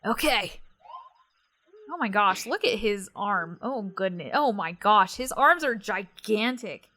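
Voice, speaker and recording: A woman's voice: medium pitch, expressive, takes it slowly, pushed and bright. A woman hosting a game playthrough, chatting and reading the game text aloud. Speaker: let's play host.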